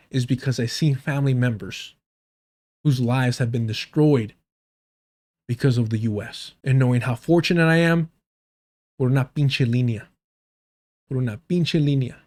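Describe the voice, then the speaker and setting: A man's voice: mid-range voice, darkish tone. A man from the United States giving heated, profane, sarcastic commentary on a political debate during a livestream.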